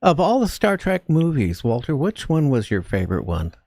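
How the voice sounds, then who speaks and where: A man hosting a talk radio interview, asking halting questions with repeated words. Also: a little high, huge pitch swings, a little mellow, no echo.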